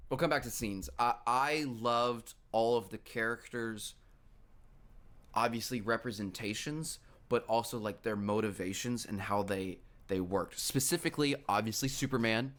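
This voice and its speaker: A man co-hosting a podcast, talking over a film in a hesitant, reflective way with many pauses. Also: mid-range voice, a bit bright. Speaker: podcast co-host. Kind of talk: casual film review chat.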